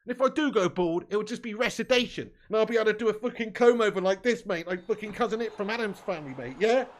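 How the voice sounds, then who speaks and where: A man's voice: high voice, fast talker, slight background noise. A young adult man streaming a football video game, trading sweary, mock-aggressive banter with his live chat.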